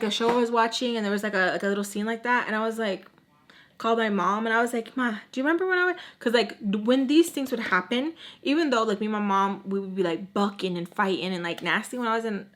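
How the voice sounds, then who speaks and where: A woman tells a personal story in a casual, animated way, acting out every exchange. Her voice sits a little high, she swears freely, and she slips Spanish words into her speech. She hammers points home by repeating phrases. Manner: animated, acts out quotes, drops Spanish words. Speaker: storytime vlogger.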